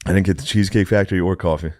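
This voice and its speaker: A man's voice: low-pitched, very fast, dry recording, clean studio sound. A man co-hosting a podcast, telling a profane, exasperated story in casual chat. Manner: profane, exasperated, animated retelling. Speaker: podcast co-host.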